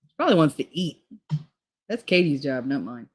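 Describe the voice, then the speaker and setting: A woman's voice: low-pitched, big pitch swings, moderate pace, breathy edge. Swearing, rambling woman streamer. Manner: crude, rambling storytelling with frequent swearing. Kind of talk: casual chat.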